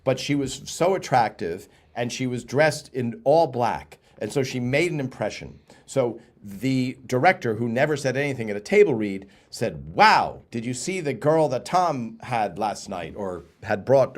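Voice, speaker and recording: Man, comedy writer, mid-range voice, casual rambling anecdotes, acted-out quotes. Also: medium pitch. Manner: rambling, acts out quotes from his stories. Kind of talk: casual anecdotes on a live stream.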